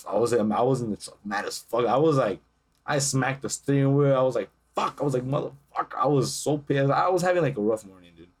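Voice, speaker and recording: Fast-talking young man telling a story. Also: medium pitch. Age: young adult. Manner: profane, animated storytelling with acted-out quotes. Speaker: podcast co-host. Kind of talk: casual chat.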